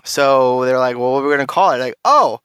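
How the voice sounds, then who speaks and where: A man's voice: medium pitch, little pitch movement, fast, clean tone, no room sound. A man hosting a casual gaming podcast, playful and rambling, full of fillers and restarts. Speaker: podcast host.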